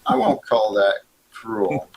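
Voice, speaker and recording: Host: unhurried man, earnest, stops and restarts sentences mid-thought. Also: lowish voice, big pitch swings, slightly rough, dull audio. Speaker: stream host. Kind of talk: casual talk stream.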